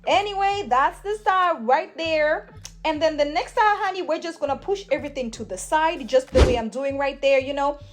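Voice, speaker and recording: High-voiced, hyper woman vlogger. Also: a little fast, soft background music. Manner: hyper, gushing, calls viewers honey and sis. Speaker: hair tutorial vlogger. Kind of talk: casual tutorial chat.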